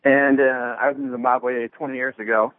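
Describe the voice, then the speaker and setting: Male caller, mid-pitched, slightly winded, thin phone-line sound. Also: level tone, normal speed, dry recording. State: out of breath from working out. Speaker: radio caller.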